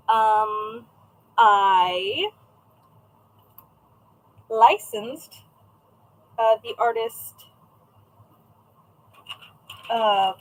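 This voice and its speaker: A woman's voice: a little high, a bit bright, slightly rough, poor audio. A woman in her thirties chatting casually on a livestream from home, rambling and greeting viewers by name as she works at her desk. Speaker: craft shop owner streaming live. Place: at home, indoors. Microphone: camera set up at a desk.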